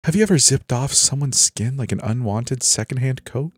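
A big scarred killer who sounds as cheery as a mall Santa, his voice pushed up high and bright, as a male narrator puts him on. He drops into a hissing whisper when he turns menacing. It is a horror story told aloud. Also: moderate pace, slightly rough, no room sound, lightly acted. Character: huge jolly scarred male killer, middle-aged.

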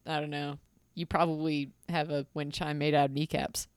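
A man's voice: fairly high pitch, little pitch movement, clear, resonant tone, no room sound. A man co-hosting a podcast, chiming in with short, wry remarks. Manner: quick interjections, laughs along, wry jokes. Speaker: podcast co-host. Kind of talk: casual chat.

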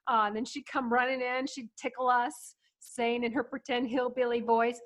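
A middle-aged woman from Ohio hosting, telling family stories in a chatty, animated way with frequent laughter. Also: on the high side, moderate pace. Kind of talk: casual storytelling.

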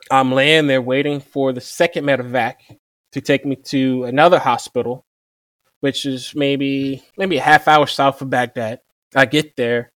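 A man's voice: medium pitch, dry recording. Man telling a war story in a dry room. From Virginia. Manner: relaxed, repeats "I'm like" to quote himself. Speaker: interview guest, former Marine machine gunner. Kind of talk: conversational storytelling.

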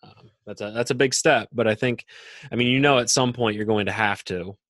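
A man's voice: lowish voice, fairly quick, fairly bright tone, no echo. A man co-hosting a podcast, speaking casually and hesitantly with many fillers. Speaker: podcast co-host.

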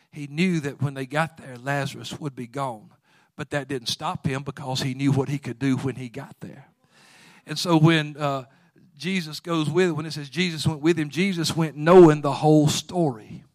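Fervent preacher, man, rising to shouts. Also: fairly high pitch, normal speed. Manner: swings from quiet storytelling to loud, fervent exhortation. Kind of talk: sermon.

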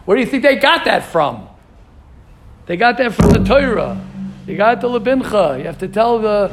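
A rabbi teaching an informal Torah class, animated and questioning his students, mixing in Hebrew terms. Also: high voice, gravelly, slight background noise.

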